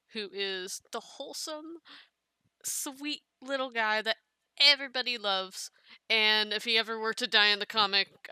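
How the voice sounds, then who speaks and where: Bright, clear-voiced woman running a casting call. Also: mid-range voice, no echo. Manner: chatty, loose, with small restarts and fillers. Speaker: casting director for a fan comic dub. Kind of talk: casual casting call walkthrough.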